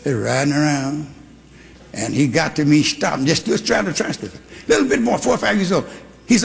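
An older man from Texas, preaching a sermon with shouting and animated storytelling. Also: high-pitched, a little fast, creaky, some chatter behind. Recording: live church hall with congregation.

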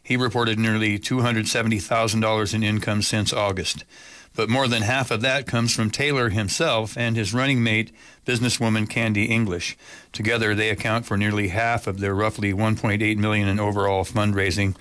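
A man reads a radio news bulletin in an even, measured way. His voice sits a little low and has a bright, forceful edge. The studio sound is dry and close. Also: dry recording.

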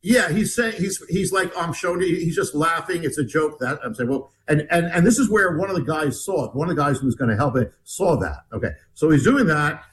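Animated, rambling male storyteller. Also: on the high side, fairly quick, few pauses, rough recording. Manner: animated, rambling retelling with many restarts. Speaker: guest author. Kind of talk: casual interview storytelling.

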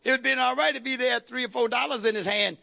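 A man preaches a fervent sermon, drawing out verses and calling on the congregation to answer. His voice sits very high and gravelly, with a bright, forceful edge. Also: quick pace. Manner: fervent, shouting call-and-response preaching. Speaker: pastor.

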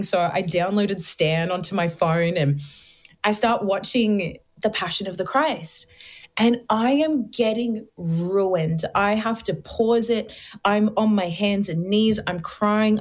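Earnest young woman telling her story. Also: medium pitch. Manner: earnest storytelling, lively, many "like" fillers. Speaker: guest. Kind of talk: personal testimony in an interview.

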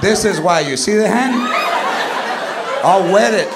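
A man's voice: high voice, expressive, a little slow, vocal fry, heavy background noise, exaggerated voice. A man voicing a tough older grandmother who scolds her grandchild, threatening and mixing into English, in stand-up comedy. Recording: loud live club with laughing crowd.

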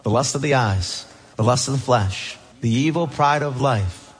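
A man preaching a sermon with passion, dropping low and soft and then rising loud. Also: moderate pace. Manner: impassioned preaching, swings between hushed and loud. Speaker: pastor.

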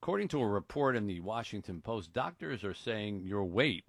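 A man hosting a comedy radio interview, asking brisk questions and playing it straight. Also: fairly low pitch, big pitch swings, creaky, dry recording, studio quality. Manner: plays it straight, brisk questions, laughs along. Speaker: radio show host.

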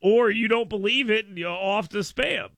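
Male talk-radio host, higher, bright tone, dry studio mic, animated emphatic delivery. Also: moderate pace, gravelly, dry recording. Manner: animated storytelling, jumps up in pitch and volume for emphasis. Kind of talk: casual talk radio monologue. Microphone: studio microphone.

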